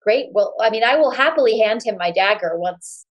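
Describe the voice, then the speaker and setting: Playful higher-voiced woman player. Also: expressive, moderate pace, muffled recording. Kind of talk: casual tabletop play.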